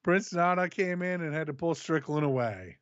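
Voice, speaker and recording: A man co-hosting a stream, recapping the events of a show in a steady, matter-of-fact way. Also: fairly high pitch, moderate pace, dry recording, muffled recording. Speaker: co-host recapping a wrestling show. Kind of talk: casual recap reading.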